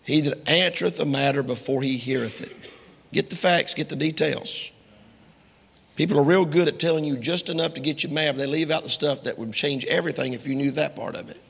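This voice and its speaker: A man's voice: on the high side, a little fast, vocal fry, fairly bright tone, slightly rough, long reverb tail. A man preaching a sermon to a congregation, quoting King James scripture emphatically and speaking to his listeners directly.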